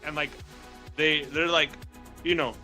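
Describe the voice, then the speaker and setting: A man's voice: fairly high pitch, fairly even intonation, measured pace, sharp tone, faint music behind. A man casually telling a long dream story on a podcast, rambling with constant "like" fillers and cheerful swearing. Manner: rambling, heavy use of filler "like"; profane, laughs through the telling. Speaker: podcast co-host.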